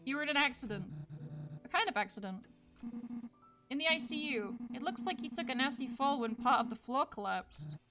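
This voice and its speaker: A woman reading the lines of a kind young female coworker, a nurse, aloud from a visual novel in a gentle, earnest way. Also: high voice, very animated, a little fast, very noisy.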